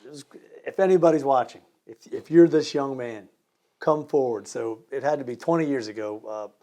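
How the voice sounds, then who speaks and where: A business co-owner from Maryland telling a story as an interview guest, animated and acting out both sides of the dialogue. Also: male voice, mid-range voice, moderate pace. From Maryland, USA.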